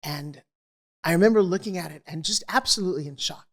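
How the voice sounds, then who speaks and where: Middle-aged woman, slightly low voice, candid and animated interview storyteller. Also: fast talker. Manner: animated, acts out quoted voices. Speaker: guest.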